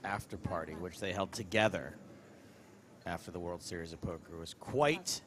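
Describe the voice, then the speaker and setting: A man's voice: deep voice, moderate pace, background noise. A man commentating a live poker stream, bantering in a dry, joking way.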